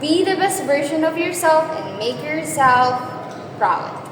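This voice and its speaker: A woman's voice: high-pitched, expressive, a little slow. A woman teacher, walking students through exam review questions step by step and checking in with them as she goes. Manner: explains step by step, checks in with "okay?". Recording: echoey room with loud background noise.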